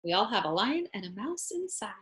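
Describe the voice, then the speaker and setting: A woman teacher reading a rhyming picture book aloud to children, expressive and asking them questions. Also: fairly high pitch, poor audio. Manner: slow, expressive, asks listeners questions. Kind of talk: children's storybook read-aloud.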